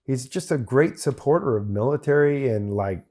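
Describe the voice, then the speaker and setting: A man's voice: medium pitch, animated, moderate pace, darkish tone. Swearing man telling a war-buddy style story. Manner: profane, rambling anecdotal storyteller. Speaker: veteran podcast guest. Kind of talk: casual storytelling.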